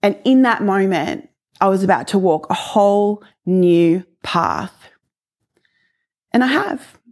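A woman's voice: mid-range voice, slow. Earnest woman in her forties giving testimony. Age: 40s. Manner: earnest, emotional storytelling that swings from hushed to excited. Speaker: speaker sharing testimony. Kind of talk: personal faith testimony.

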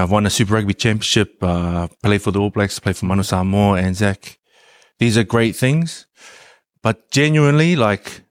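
A man's voice: fairly low pitch, no room sound. Kiwi guy in his 30s, rugby player, chatty and laughing as he tells it, dry close sound. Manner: animated, laughing storyteller with many fillers. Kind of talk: casual storytelling in an interview.

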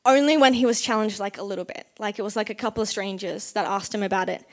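A woman with a medium-pitched, steady voice talks at a quick clip, giving a casual sermon. She's chatty and says "like" a lot, acting out the people in the story as she retells it.

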